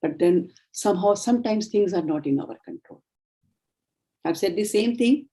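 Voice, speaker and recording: Mellow Indian English woman trainer. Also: mid-range voice, lively intonation. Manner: explanatory, measured, acts out sample dialogues. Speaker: communication trainer. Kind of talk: training session lecture.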